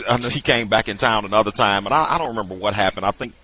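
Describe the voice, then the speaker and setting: A man's voice: lowish voice, fast talker. A middle-aged man, a musician and producer, chatting as a podcast guest and telling stories loosely, full of "you know" fillers. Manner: relaxed storyteller, many "you know" fillers. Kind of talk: casual interview chat.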